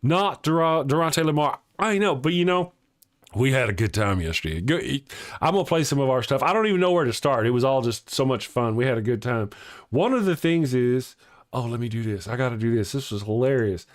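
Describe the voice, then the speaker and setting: A man's voice: medium pitch, expressive, fairly quick. Chatty joking man hosting a livestream. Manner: chatty and joking, laughs often, restarts words. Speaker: host of a live morning show. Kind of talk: casual livestream chat reading viewer comments.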